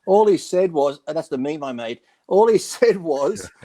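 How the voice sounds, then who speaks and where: A man with a slightly high voice tells stories in a casual radio chat. He acts out other people's quotes with lots of energy and swears freely along the way. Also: normal speed. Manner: animated storyteller acting out quotes, swears freely. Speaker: bodybuilding radio show regular.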